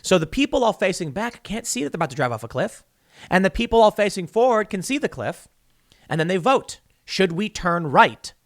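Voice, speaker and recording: A man's voice: high-pitched, very animated, a little fast, no room sound, studio quality. A man hosting a podcast, delivering solo political commentary in an emphatic, argumentative way, building long analogies to make his point. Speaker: podcast host.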